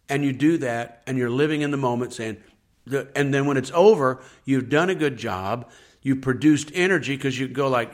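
On a faith podcast, a pastor speaks earnestly and a little fast in a mid-range voice. He repeats his points and acts out the complaints people make.

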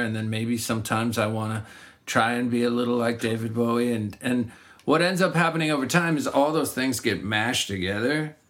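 A middle-aged man, a singer-songwriter, chatting casually and reflectively about his craft, often restarting his sentences. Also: mid-range voice. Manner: reflective, rambling, frequent restarts. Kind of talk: casual conversation.

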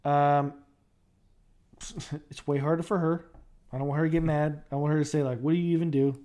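A man's voice: a little high, little pitch movement, normal speed, warm tone. A young man co-hosting a podcast in casual chat, rambling with lots of fillers and restarts. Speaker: podcast co-host.

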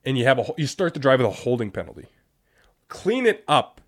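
A young man hosting a casual sports talk show, animated and exasperated, often laughing. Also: mid-range voice, racing. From Wisconsin. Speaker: sports podcast host.

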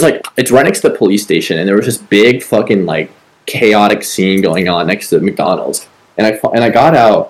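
A man's voice: fairly low pitch, poor audio. A man co-hosting a podcast, telling a story in a casual, rambling way, full of swearing and filler words. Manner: rambling, profane, heavy on fillers. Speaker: podcast co-host.

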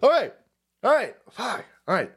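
Brief: foul-mouthed sarcastic male streamer, lively swinging pitch, laughs a lot. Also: normal speed, creaky, husky. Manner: profane, sarcastic, laughing often. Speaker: streamer host. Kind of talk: livestream commentary rant.

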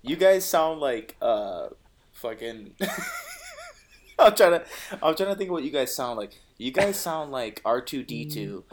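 A man co-hosting a casual podcast over a video call, joking slowly with his friends. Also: medium pitch, a little hiss or hum. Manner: slow, joking, animated. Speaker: podcast co-host. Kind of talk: casual chat.

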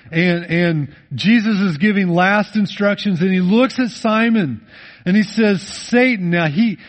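A male pastor preaching a sermon, swinging between loud emphatic rises and low, intimate drops, and slowing down to read scripture. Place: church.

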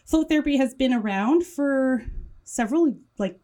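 A woman's voice: high-pitched, animated, normal speed, dark tone. A woman with a French accent, a native French speaker, talking as a guest in a podcast studio about her wellness business, enthusiastic and running through long lists. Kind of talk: casual interview chat.

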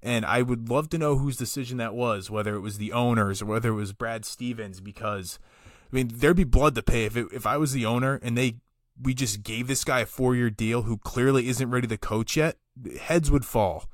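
A man's voice: mid-range voice, fairly quick, no room sound, studio quality. A man appearing as a guest on a sports podcast, giving blunt, opinionated takes in casual chat.

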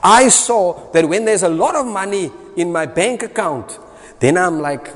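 Emphatic South African preacher in a hall. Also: male voice, sits high, expressive, moderate pace. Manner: emphatic, switches into Afrikaans phrases. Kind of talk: sermon. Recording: reverberant hall.

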